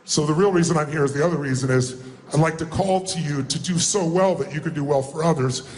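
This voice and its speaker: A man's voice: a little high, quick pace, a little mellow, slight background noise. A man telling a personal story as a motivational speaker, emotional and emphatic, acting out quotes.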